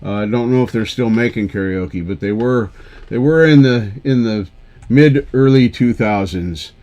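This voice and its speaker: A man's voice: medium pitch, normal speed, warm tone, muffled recording. A man hosting a live karaoke stream, chatting casually with viewers in a rambling, self-deprecating way. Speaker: livestream karaoke show host.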